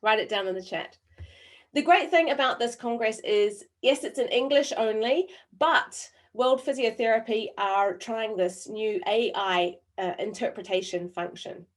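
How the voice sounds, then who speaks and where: A woman from New Zealand whose accent has softened over years abroad, presenting an online training webinar. She talks deliberately with frequent pauses and keeps putting questions to the audience in the chat. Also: fairly high pitch. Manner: engaging, quizzes the audience through the chat.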